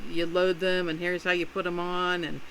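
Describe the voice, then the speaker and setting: Woman, bright forceful voice, chatty, laughs a lot, faint background noise. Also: fairly low pitch, level tone, normal speed, rough recording. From California. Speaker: streamer mom. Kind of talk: casual chat.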